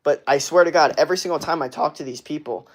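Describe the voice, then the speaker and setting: A man's voice: a little high, quick pace. A man speaks as an online fitness coach on a casual livestream. He rants bluntly and aggressively, swearing at nearly every turn. His talk is full of fillers and restarts as he answers chat. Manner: profane, blunt, aggressive ranting with many fillers.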